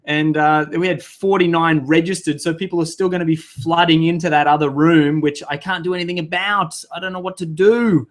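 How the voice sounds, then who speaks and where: A man hosts a live webinar, chatty and flustered, swearing and laughing at himself as tech trouble strikes. His voice is on the high side and steady, running a little fast with hardly any pauses.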